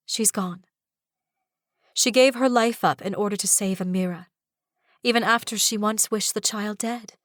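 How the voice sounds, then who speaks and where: A woman's voice: mid-range voice, no room sound. A woman narrating a first-person fantasy audiobook in a dramatic way, recorded on a close studio microphone. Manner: dramatic, with rising cries in dialogue.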